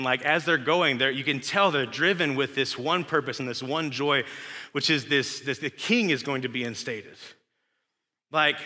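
A young West Texan pastor preaches in a loose, conversational way, tossing questions and asides to the congregation. His voice is very bright and forward at a middling pitch. The sound carries a long church-hall reverb. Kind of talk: sermon. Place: church sanctuary.

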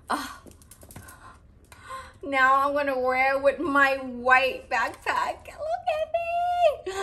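A woman vlogger gushing over a purse she is unboxing, talking excitedly with lots of fillers and breathless exclamations. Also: on the high side. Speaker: fashion vlogger.

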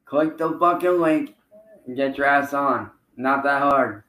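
A man's voice: medium pitch, unhurried, sharp tone, roomy sound, low-quality recording. A man streaming live, taunting and cursing at a rival who keeps failing to show up. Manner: taunting, profane, calling out a rival. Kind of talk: livestream trash talk.

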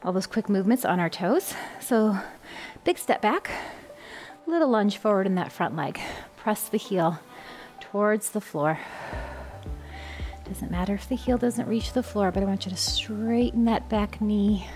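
A woman's voice: medium pitch, a little slow, a little mellow. A woman fitness instructor, out of breath, leading a walking workout with upbeat coaching cues. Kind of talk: guiding a workout. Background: background music.

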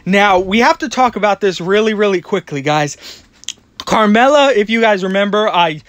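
A man talking excitedly and out of breath in a rambling voiceover about toys, repeating himself as he goes. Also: high voice, normal speed, no room sound. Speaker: toy collecting vlogger.

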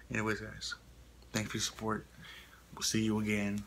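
A man's voice: on the low side, monotone, moderate pace, gravelly, pauses often, a bit bright, slight background noise, low-quality recording. A male vlogger giving a playful channel update, teasing the viewer and often dropping into whispers.

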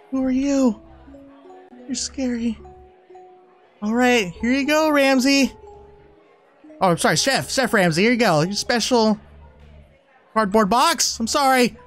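A man playing a horror game on a headset mic, excitable, laughing often and swearing at the game. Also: extremely high pitch. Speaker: gaming YouTuber. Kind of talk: let's-play commentary.

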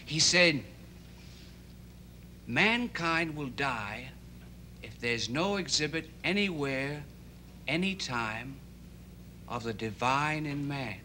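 An earnest, idealistic teenage boy in a 1960s TV drama, his voice high, bright and lively. He rambles and stumbles through his thoughts with constant restarts. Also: a little hiss or hum, full character voice. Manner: halting and rambling, full of restarts.

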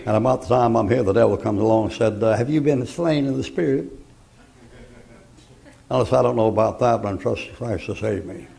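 Folksy older preacher, gravelly. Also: male voice, lowish voice, steady tone, fast talker, few pauses, darkish tone. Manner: folksy, joking, acts out voices in stories. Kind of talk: folksy sermon with stories.

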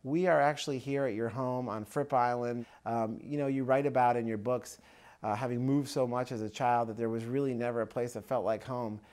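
Man, interviewer, admiring questions, halting restarts, mid-pitched voice. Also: steady tone, a little mellow, smooth. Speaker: interviewer, host.

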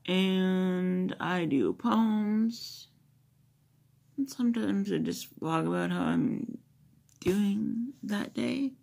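A woman's voice: medium pitch, drawn-out words, vocal fry, warm tone. A woman vlogger chatting loosely to her phone camera, rambling with many fillers and asides. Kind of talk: casual chat to a phone camera.

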